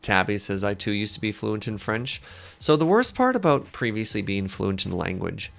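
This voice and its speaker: Gravelly-voiced man streaming with chat. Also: fairly low pitch, sing-song, normal speed, a bit bright, soft background music. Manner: joking, self-deprecating, chats with viewers. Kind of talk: casual live-stream chat while gaming.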